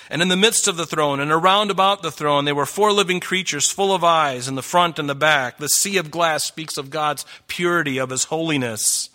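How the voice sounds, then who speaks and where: Earnest, pleading middle-aged male preacher, tense bright tone, slightly raised pitch. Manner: earnest, pleading, rising emphasis. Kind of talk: sermon.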